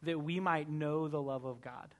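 A man's voice: fairly high pitch, steady tone, normal speed. A young man preaching a conversational sermon as pastor, earnest and often checking in with "right?".

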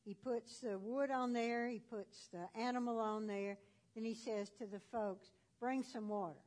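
A woman's voice: on the high side, fairly even intonation, unhurried, a little mellow. A woman retelling a Bible story in a folksy, conversational way with casual fillers.

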